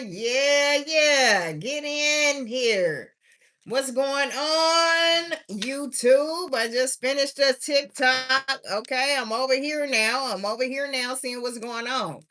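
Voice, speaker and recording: A tired woman streams a casual tarot reading live, drawling and chatty with sing-song refrains. Her voice is fairly high with a sharp tone.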